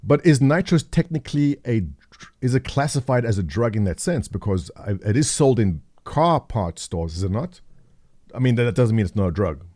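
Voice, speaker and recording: A man's voice: mid-range voice, sing-song, moderate pace, darkish tone. A middle-aged man hosting a live stream, chatting casually and jokily with viewers, thinking aloud and reading the chat. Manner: rambling, jokey, thinks aloud, reads chat. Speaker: livestream host.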